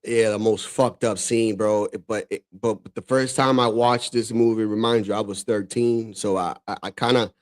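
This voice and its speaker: A man from the Dominican Republic hosting a casual reaction stream, talking in a loose, profane, excitable way and laughing often. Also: fairly low pitch, moderate pace, few pauses. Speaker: streamer host reacting to clips.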